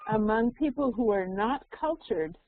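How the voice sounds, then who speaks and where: Slow-spoken woman teacher on a phone line. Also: a little high, slight background noise. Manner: calm explaining. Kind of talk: online English lesson.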